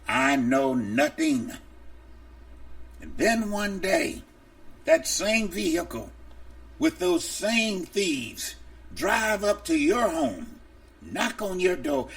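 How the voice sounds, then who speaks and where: A male preacher gives an impassioned, openly angry podcast sermon in a slow, deliberate cadence. His gravelly voice swings widely up and down in pitch. He sounds set well back from the microphone. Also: wildly swooping pitch, fairly bright tone, recorded from a distance.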